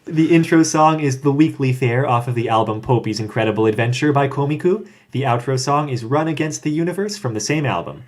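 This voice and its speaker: A man hosts a casual podcast, his voice mid-pitched and even. He keeps a dry, deadpan manner. He reads out credits and links in a plain, relaxed way. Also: brisk, few pauses. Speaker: podcast host.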